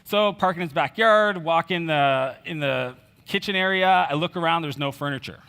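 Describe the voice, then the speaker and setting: Speaking at a moderate pace, this man has a fairly high pitch, some vocal fry, and a sharp yet clean tone. He gives a conference keynote in a large hall, sharing a personal story conversationally with fillers and quoted dialogue, recorded with the hall's reverberation.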